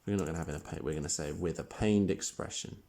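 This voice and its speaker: A man teaching a primary school writing lesson, explaining each step clearly while he types. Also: low voice, fast talker, mellow. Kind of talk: recorded online lesson.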